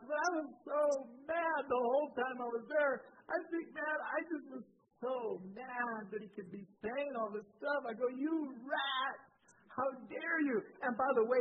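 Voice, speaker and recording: A man preaching a sermon, telling a personal story in an animated way, with sudden jumps in pitch and loudness. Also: normal speed, hardly any pauses. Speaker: pastor. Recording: tinny phone-like sound with faint noise.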